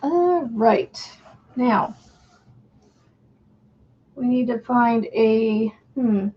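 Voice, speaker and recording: A woman's voice: fairly high pitch, expressive, extremely slow, lo-fi sound. A woman hosting a crochet livestream, chatting casually, greeting viewers by name and counting stitches under her breath.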